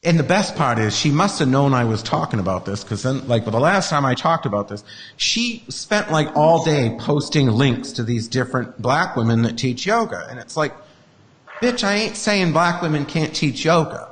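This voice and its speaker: A man's voice: medium pitch, animated, normal speed, in a large hall. A man hosting a casual podcast chat, ranting in a profane, sarcastic way. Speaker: host.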